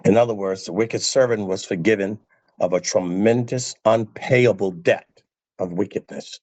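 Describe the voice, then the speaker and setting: Male preacher, sermon, low voice, emphatic, repeats lines, dry recording. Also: normal speed, a little mellow, dry recording. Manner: emphatic, repeats phrases for stress.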